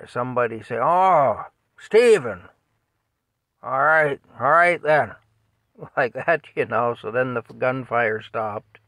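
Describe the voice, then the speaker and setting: A man's voice: medium pitch, creaky, a bit bright, no echo. A man casually telling a rambling story at home, with chuckles and fillers. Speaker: vlogger telling stories.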